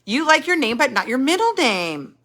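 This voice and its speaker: A woman's voice: sits high, very animated, normal speed, fairly bright tone. A middle-aged woman hosting a casual live stream, greeting viewers by name and chatting about their comments while she thinks aloud. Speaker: podcast host reading live chat comments.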